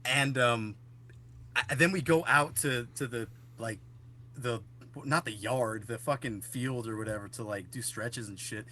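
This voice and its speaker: A man's voice: mid-range voice, a little slow, bright, forceful tone. A young man co-hosting a podcast, telling rambling stories in casual chat, full of fillers and swearing. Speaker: podcast co-host.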